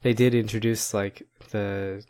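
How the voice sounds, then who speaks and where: A man's voice: fairly low pitch, level tone, unhurried, a little mellow. A man co-hosting a podcast in casual chat, rambling with many fillers and frequent laughs. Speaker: podcast co-host.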